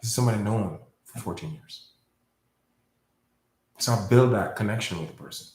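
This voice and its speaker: In a reverberant space, a man with a fairly low, slightly mellow voice talks at normal speed in a rambling monologue to the camera on his own video. He addresses viewers casually, often repeating words and berating his critics.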